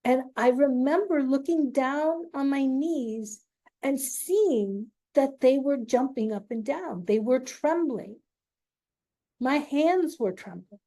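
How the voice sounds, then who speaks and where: A woman telling an emotional personal story, speaking haltingly with long pauses and emphasis. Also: high voice, lively intonation, warm tone.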